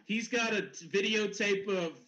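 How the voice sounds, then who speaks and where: A man's voice: high voice, normal speed, bright, forceful tone, dull audio. A man co-hosting a sports chat, blunt, exasperated and crude.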